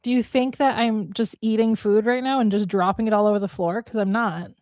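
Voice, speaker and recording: A woman's voice: mid-range voice, steady tone, fairly quick, a little mellow, no echo, studio quality. A young woman from Minnesota with a Minnesota accent, hosting a casual livestream chat and acting out voices as she tells stories. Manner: chatty storyteller, acts out quoted voices. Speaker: host, romance author. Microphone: home livestream mic.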